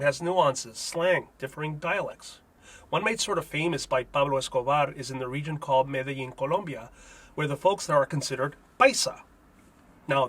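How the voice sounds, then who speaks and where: A man, a native Spanish speaker, hosts a comedic language lesson with a bright, slightly raised voice. His tone is a touch husky, and he drops wry asides between explanations. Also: fairly high pitch. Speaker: host.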